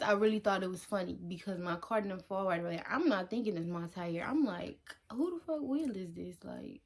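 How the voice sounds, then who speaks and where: Slangy young woman vlogger telling a story. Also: mid-range voice. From Detroit. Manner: animated, slangy, acts out her own lines. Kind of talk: casual storytelling to camera.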